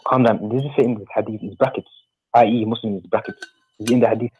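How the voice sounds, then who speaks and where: Rapid-talking husky man on a tinny line. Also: on the low side, slight background noise. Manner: rapid, insists on calm, interjects. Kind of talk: heated religious debate. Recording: tinny phone-like call audio.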